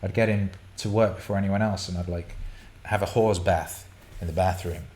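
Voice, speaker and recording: A man's voice: deep voice, fairly even intonation, normal speed, a little mellow. A man hosting a show, answering listener questions in a casual, rambling way, swearing freely and restarting his sentences often.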